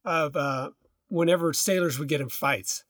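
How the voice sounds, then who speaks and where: Rambling storyteller man, slightly high voice. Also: moderate pace, dry recording, studio quality. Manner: rambling storyteller, loose and relaxed with many restarts. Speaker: podcast co-host. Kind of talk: casual conversation.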